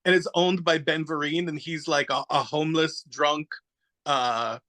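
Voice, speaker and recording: A man's voice: a little high, fairly even intonation, unhurried, pushed and bright, low-quality recording. A man chatting casually on a podcast, rambling animatedly through a story, searching aloud for names and acting out little quotes. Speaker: podcast guest. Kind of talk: casual chat.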